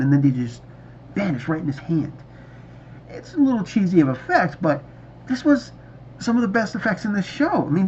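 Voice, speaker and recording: A movie reviewer talks through a TV episode over casual video chat, enthusiastic and rambling. His voice is on the high side and a little mellow, captured on a dull lo-fi mic with slight background noise.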